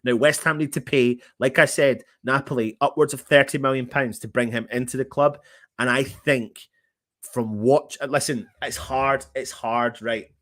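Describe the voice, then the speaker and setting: A man's voice: mid-range voice, fairly even intonation, normal speed, fairly bright tone, no room sound, studio quality. A man hosting a casual football fan livestream, reading out viewer comments in a chatty, matey way. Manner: chatty and matey, often calling viewers mate. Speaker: football fan channel host.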